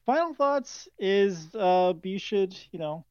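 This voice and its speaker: A man's voice: high-pitched, animated, takes it slowly, smooth, no echo, highs cut off. A man co-hosting a casual podcast, laid-back and hesitant, with plenty of fillers. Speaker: podcast co-host.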